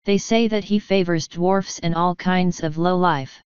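A woman reading the part of a portly, pompous gentleman, speaking in a sneering way. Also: lowish voice, steady tone, a little slow, smooth, dry recording, lightly acted. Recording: dull lo-fi sound.

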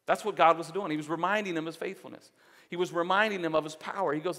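A man's voice: sits high, fast talker, a bit bright, long reverb tail. A male pastor preaching a sermon in an earnest, exhorting way, repeating phrases for emphasis. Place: church sanctuary.

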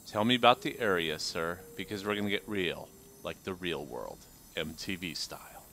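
A man commentating on his own gameplay in a casual, joking way and talking straight to his viewers. His voice sits on the low side, with faint noise in the background. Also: animated, moderate pace, sharp tone. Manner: playful, jokey, talks to viewers. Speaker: let's play gamer.

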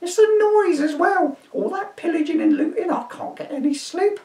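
A man voicing a shrill, indignant old village woman in a high, quavering crone voice. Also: normal speed, dark tone, recorded from a distance. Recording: roomy echo, voice from off-mic.

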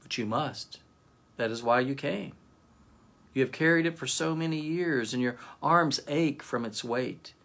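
A man voicing a calm, stern angel who speaks quietly and firmly. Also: medium pitch, a little slow. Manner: quiet, firm.

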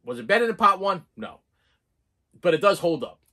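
A man giving casual movie reviews in an excitable, rambling way, full of restarts and fillers. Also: high voice, normal speed.

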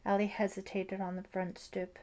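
A woman narrating a suspense novel as an audiobook, in a measured, even storytelling manner. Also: medium pitch. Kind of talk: scripted narration.

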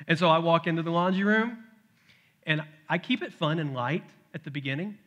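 Animated bright-voiced male preacher. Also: a little high, brisk. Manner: animated storytelling, acts out his toddler's shouts. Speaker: pastor. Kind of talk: sermon with personal story. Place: church sanctuary.

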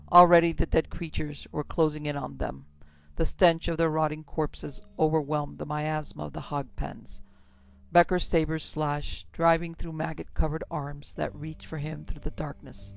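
Gravelly, steady horror-story narrator. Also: female voice, deep voice. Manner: steady, measured, dramatic. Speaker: narrator and producer. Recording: slightly dull lo-fi with music.

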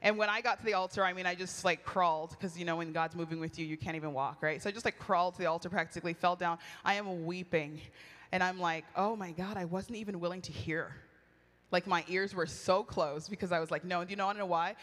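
A woman's voice: fairly low pitch, steady tone, fast, fairly bright tone. A middle-aged woman preaching at a retreat, candid and conversational, telling personal stories with animation. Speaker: retreat speaker. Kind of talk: sermon. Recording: long hall reverb.

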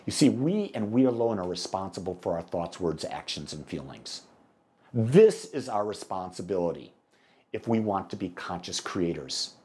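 A man's voice: low-pitched, moderate pace. American minister guy preaching, voice going up and down a lot, acts out stories. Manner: animated storytelling, acts out dialogue. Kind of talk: sermon. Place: church sanctuary.

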